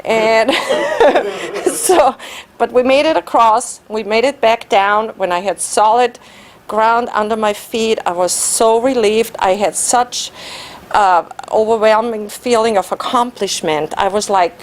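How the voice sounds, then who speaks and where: A woman whose first language is German, giving an animated personal story speech at a club meeting and laughing at herself. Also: a little high, slow pace, a little hiss or hum. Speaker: Toastmasters speaker.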